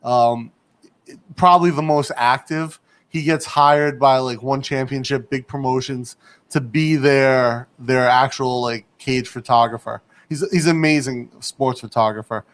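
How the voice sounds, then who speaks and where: A man's voice: mid-range voice, steady tone, unhurried. A man casually chatting as host of a livestream from a home studio and reading viewer comments aloud. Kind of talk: casual chat.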